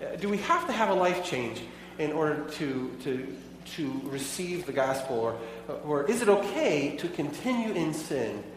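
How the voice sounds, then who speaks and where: A man's voice: on the high side, very animated, measured pace, hardly any pauses, slight background noise. A pastor preaching a sermon in a conversational way, asking his listeners many rhetorical questions. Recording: echoey hall, voice from far off.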